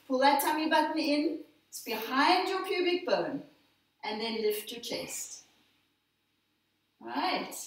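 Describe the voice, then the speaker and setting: An older woman teaches a standing Pilates routine in a high, unhurried voice. She cues each breath and movement gently. She sounds distant, as if the camera sits far off in a very roomy studio. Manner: slow, gentle counting and cueing of breaths. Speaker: Pilates instructor. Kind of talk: guided exercise instruction. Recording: very echoey room, voice from a distance.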